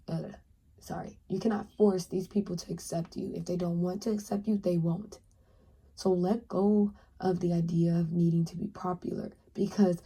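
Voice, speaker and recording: A young woman in her twenties talks through a tarot reading in an easy, chatty way. Her voice is soft and breathy, with a very mellow, dark tone. She often slips into a higher voice to act out small conversations. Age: 20s. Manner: chatty, acts out little dialogues in a higher voice. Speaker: tarot reader. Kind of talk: casual pick-a-card advice talk.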